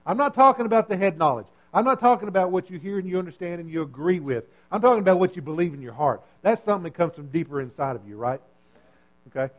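Man, pastor, sermon, animated, conversational, repeats phrases, fairly high voice. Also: fast. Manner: animated, repetitive, acts out voices; conversational, checks in with listeners.

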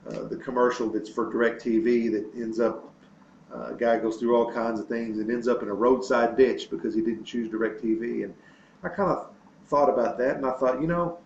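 A man's voice: medium pitch, gravelly. A man preaching an earnest sermon in an ordinary mid-range voice, leaning on repetition and little stories to make his point. The sound is roomy and a bit dull, with a faint hiss underneath. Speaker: pastor. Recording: echoey room with faint noise and dull sound.

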